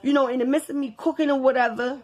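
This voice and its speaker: A woman vlogger telling a personal story to her viewers in a casual, animated way. She swears freely, repeats herself for emphasis and keeps talking straight to her audience. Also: high voice, fast. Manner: animated, profane, addresses viewers directly with lots of repetition.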